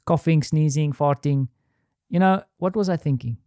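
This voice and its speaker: A middle-aged man thinking out loud in a candid, rambling solo monologue, restarting sentences and swearing now and then. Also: on the high side, normal speed, dry recording, clean studio sound. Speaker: podcast host. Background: quiet home.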